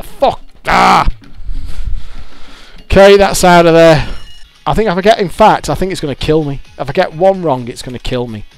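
A man's voice: a little high, gravelly. Swearing, exasperated British man. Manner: swearing, exasperated, self-mocking. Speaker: YouTuber. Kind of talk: gameplay commentary.

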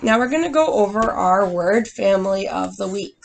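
A young woman teacher reading a picture book aloud to small children, with expressive sound effects and questions to the class. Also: mid-range voice, normal speed, vocal fry, slight background noise.

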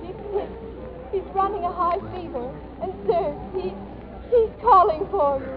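A woman's voice: very high voice, measured pace, a faint crowd, slight background noise. An actress playing an anxious young maid pleading for her employer to come home, in 1930s radio drama style. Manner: soft, urgent, pleading. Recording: muffled 1930s radio broadcast.

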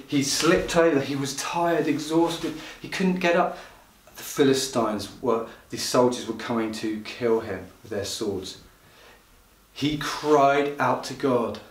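A man preaching a livestreamed church sermon with impassioned delivery, at times rising into loud pleading cries. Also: medium pitch. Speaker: pastor. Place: church hall. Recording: roomy hall sound from a distant mic.

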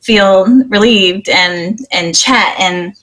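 A woman's voice: mid-range voice, fairly even intonation, slow, fairly bright tone. A middle-aged woman from Missouri, a guest streamer talking earnestly and cheerfully, with plenty of "um" and "you know" and frequent giggles. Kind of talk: casual interview chat.

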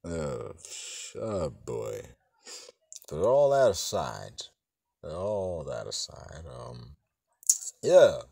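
A man in a loose, profane film review, his voice leaping from loud outbursts down to muttered asides. He slips into quick exaggerated bits as he mocks the characters. The sound is close and dry. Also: creaky, slightly rough, no room sound. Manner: animated and profane, swinging between loud outbursts and low mutters. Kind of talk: casual spoken film review.

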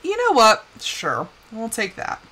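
A young woman streams a life-simulation game in casual live commentary, laughing often and talking to the on-screen characters. Her voice sits on the high side with wildly swooping pitch, a bright, forceful tone, and a slightly slow delivery.

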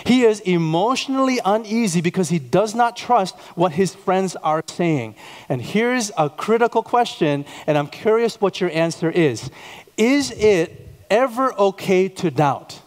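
A man's voice: high-pitched, lively intonation, a little slow. A man in his thirties preaching a sermon, telling personal stories and posing repeated questions to the congregation. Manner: storytelling, repeats words, emphatic questions. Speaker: pastor. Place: church sanctuary. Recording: long reverb of a church hall.

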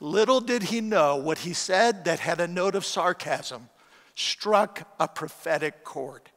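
A church auditorium's long reverb surrounds a middle-aged man preaching as a guest, telling stories that poke fun at himself. He speaks a little slowly in a fairly high, animated, slightly bright voice.

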